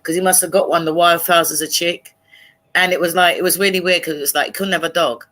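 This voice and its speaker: A woman's voice: fairly low pitch, fast. A woman telling a story in casual chat on a live stream, acting out the voices of the people she quotes. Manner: animated, acts out quoted voices.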